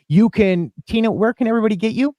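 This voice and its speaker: A podcast host, a man with a fairly high voice, tells stories in an excitable, animated way and jumps up into loud acted-out quotes. His voice is recorded close and dry, with no room sound. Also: fast talker, no room sound, muffled recording. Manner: excitable, acts out quotes with big jumps in pitch. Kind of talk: animated storytelling chat.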